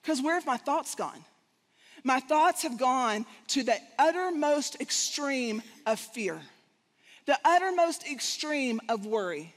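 A woman guest speaker giving a storytelling sermon, animated and acting out the voices of the people in her story. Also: high-pitched, slow. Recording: long hall reverb.

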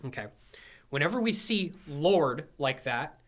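A man's voice: a little high, animated, a little slow, fairly bright tone. Bible study teacher, man, conversational and explanatory, keeps asking "right?". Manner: explanatory, asks checking questions.

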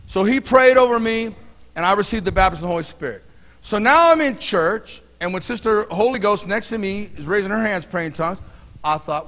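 Male pastor, high voice, casual storytelling sermon, long church reverb. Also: expressive, fairly quick, a bit bright. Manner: conversational preaching with personal stories, fillers and restarts. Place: church sanctuary.

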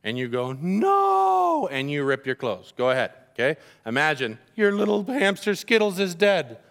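A man preaching a sermon as a pastor, telling the story in an animated, joking way and talking directly to the congregation. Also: a little high, normal speed, smooth.

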